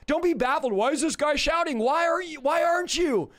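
High-voiced, fiery shouting preacher. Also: male voice, expressive, fairly quick. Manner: rhetorical questions, swings between shouts and low asides. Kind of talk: live-streamed sermon.

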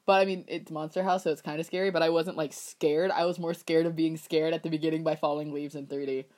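Joking young woman, low voice. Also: little pitch movement, fast, a little mellow. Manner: joking, sarcastic, swears casually. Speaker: podcast co-host. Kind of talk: casual chat.

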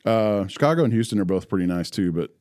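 A man's voice: lowish voice, lively intonation, quick pace, darkish tone, clean tone. Joking man hosting a podcast. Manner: joking, rambling banter. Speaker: podcast host. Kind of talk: casual chat.

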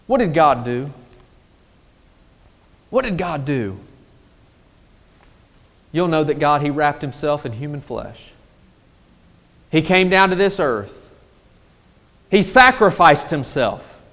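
A man preaching a sermon as a pastor, swinging between loud, stressed lines and low, slowed, drawn-out phrases. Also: long reverb tail.

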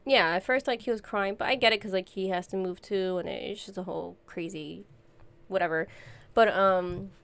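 A woman's voice: medium pitch, steady tone, moderate pace, gravelly, a bit bright. A young woman co-hosting a casual chat, telling stories with lots of fillers and frequent laughter. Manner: chatty storyteller, laughs often, many fillers. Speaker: podcast co-host.

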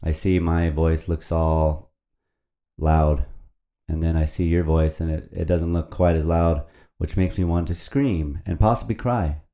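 A man's voice: extremely low pitch, fairly even intonation, unhurried, mellow. A man hosting a casual podcast into a microphone at a computer, reading a poem and rambling in a playful, profane way. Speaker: podcast host.

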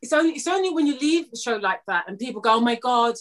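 High-pitched woman. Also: lively intonation, racing. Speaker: actress guest. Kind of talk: podcast conversation.

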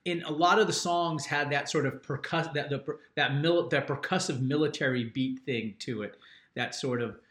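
An older man talking in a loose, rambling way, circling back and restarting his thoughts as he reviews music. His voice sits at an ordinary middle pitch. The room around him is echoey. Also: fairly bright tone. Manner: rambling, musing, often restarting sentences. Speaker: father and regular panelist on a music podcast. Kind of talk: casual chat, album review. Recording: roomy echo.

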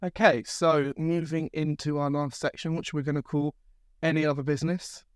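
A man's voice: fairly high pitch, flat delivery, normal speed, smooth, dry recording. A man co-hosting a casual podcast, steering segments and dropping dry short comments. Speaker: podcast co-host. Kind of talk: casual chat.

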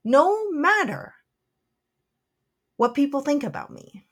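A woman who works as a spiritual channeler, telling a personal story in a soft, earnest way with frequent "like" fillers. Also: high voice, very animated, slow pace.

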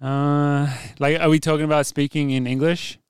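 A man's voice: fairly high pitch, little pitch movement, moderate pace, smooth, no echo, clean studio sound. An Australian man hosting a podcast, chatting casually in laughing, easygoing banter. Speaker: podcast host. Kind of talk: casual chat.

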